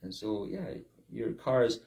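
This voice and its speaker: A man's voice: mid-range voice, expressive, unhurried, gravelly, darkish tone. A man preaching a sermon, stressing his points with repeated rhetorical questions. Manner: emphatic, repetitive rhetorical questions.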